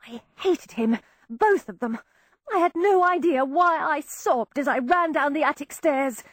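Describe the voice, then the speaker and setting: Expressive woman narrating an audiobook. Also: sits high, unhurried, no room sound, clean studio sound. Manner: expressive, wry storytelling. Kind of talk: scripted first-person narration.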